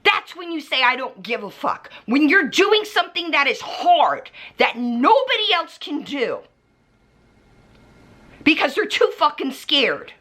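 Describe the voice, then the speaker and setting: A young woman who does beauty commentary vlogs rants angrily at the camera, swearing freely and naming the people she's calling out. Her high voice is bright and pushed, very animated but delivered at a measured pace. She's heated and profane, pointing at the camera, which records her on its built-in mic as she faces it.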